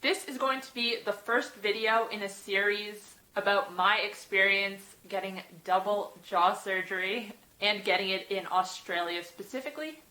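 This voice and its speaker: A young woman talks to her camera in a casual vlog, at an ordinary middle pitch. A slight lisp from fresh braces blurs some of her words. Nervous sighs and small laughs fall between her phrases. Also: normal speed, hardly any pauses, sharp tone, echoey room, low-quality recording. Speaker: vlogger.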